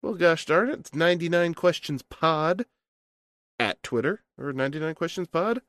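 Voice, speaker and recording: A man's voice: a little high, lively intonation, normal speed, a bit bright, no room sound. A man hosting a podcast, reading out a listener question in a chummy, folksy way. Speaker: podcast host.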